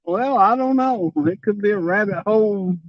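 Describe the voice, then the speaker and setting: A man's voice: sits high, normal speed, no echo. A man fishing from a boat and bantering on a livestream, joking and teasing. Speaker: fishing partner on stream. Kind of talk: casual banter. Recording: dull muffled audio.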